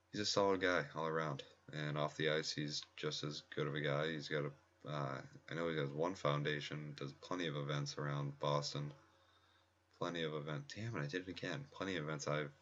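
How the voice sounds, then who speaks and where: A man giving quiet, rambling casual commentary at home during a game pack opening, often restarting his sentences. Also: extremely low pitch, highs cut off. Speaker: gaming video creator. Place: home room at night next to a laptop. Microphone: laptop mic close by.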